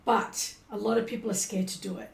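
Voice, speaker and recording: A woman's voice: fairly high pitch, quick pace, creaky, roomy sound. A woman who works as a spiritual healer, chatting casually in an interview and telling stories with animation. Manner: animated storyteller who acts out quotes.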